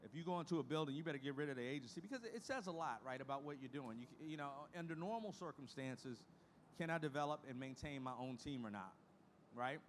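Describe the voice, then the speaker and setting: A middle-aged man speaking to a conference room, his voice sitting a little higher than most men's. He talks in a folksy, emphatic way and hammers home points through repetition. A faint hum of room noise sits underneath. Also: animated, quick pace. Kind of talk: conference presentation.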